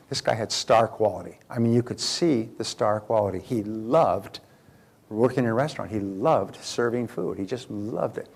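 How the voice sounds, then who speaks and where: A man's voice: medium pitch, creaky, a little mellow. An older man speaking as a motivational speaker, telling a story in a loose, folksy way full of fillers and restarts. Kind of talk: seminar talk with a story.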